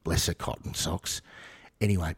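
A man with an Australian accent hosting a radio talk show, telling stories in animated casual chat. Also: low-pitched, moderate pace. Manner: animated storyteller, does voices.

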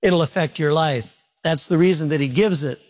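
High-voiced preacher man. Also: normal speed. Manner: animated, questions the congregation directly; self-mocking humorous asides. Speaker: pastor. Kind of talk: sermon. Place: church service before a congregation.

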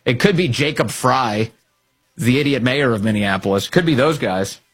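Husky-voiced man, combative host. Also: mid-range voice, expressive, normal speed, fairly bright tone, soft background music. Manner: mocking, combative, sarcastic. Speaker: talk show host. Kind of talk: opinionated political commentary.

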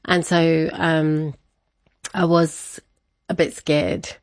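A woman interviewee telling a personal family story in a lively way, laughing often and acting out the voices of her family. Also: deep voice, very slow, no room sound.

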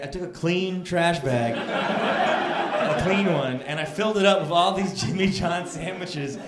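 A man doing stand-up, telling a story and acting out scenes with rising outbursts. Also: on the high side. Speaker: stand-up comedian. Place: comedy club stage. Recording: roomy club with laughing audience.

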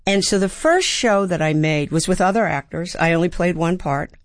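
A woman's voice: on the low side, moderate pace, no echo. This is a woman in her seventies from Baltimore, a seasoned actor and playwright, reflecting on her craft in an interview. She talks thoughtfully and slips into the voices of people she has met. The sound is close and dry. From Baltimore, USA. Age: 70s. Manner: thoughtful, acts out quoted voices and rhythms.

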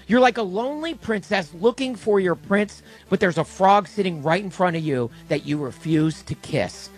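A man's voice: high voice, animated, moderate pace, soft background music. A man co-hosting a podcast, delivering a mock-outraged, sarcastic rant with silly quoted voices. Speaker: podcast co-host. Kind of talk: comedic rant segment.

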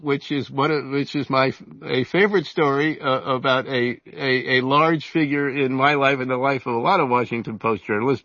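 A man's voice: fairly high pitch, a bit bright, no echo. Seventies guy rambling through old stories, lots of uhs and restarts, dry muffled sound. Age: 70s. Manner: halting, many fillers and restarts. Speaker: interview guest, author and journalist. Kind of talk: casual storytelling interview.

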